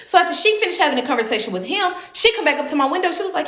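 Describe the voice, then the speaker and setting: Young woman storyteller, high-pitched and lively, swears freely, plays all the parts herself. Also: fast, few pauses. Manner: animated, profane, acts out every voice. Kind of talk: casual storytime. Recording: roomy echo.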